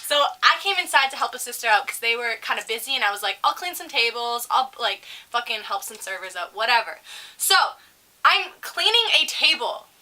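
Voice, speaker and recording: Young female co-host, bright and animated, swears freely while ranting through stories. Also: fairly high pitch, a little fast. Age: young adult. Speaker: podcast co-host. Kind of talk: casual storytelling chat.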